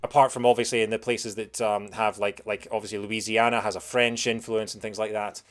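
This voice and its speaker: A man's voice: lowish voice, level tone, fairly quick, fairly bright tone. A young British man giving casual commentary while playing a video game, rambling with lots of fillers as he answers chat.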